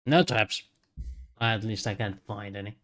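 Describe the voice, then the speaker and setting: A man playing a tabletop game, brisk and practical. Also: on the low side, steady tone, a bit bright. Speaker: player. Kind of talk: casual tabletop play.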